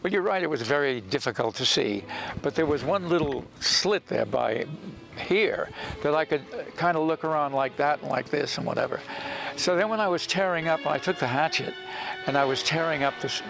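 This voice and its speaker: A man's voice: fairly high pitch, lively intonation, normal speed, creaky, music in the background. An older man reminiscing in an interview about acting in a film, telling stories animatedly and acting out quoted lines. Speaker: actor recalling a film role.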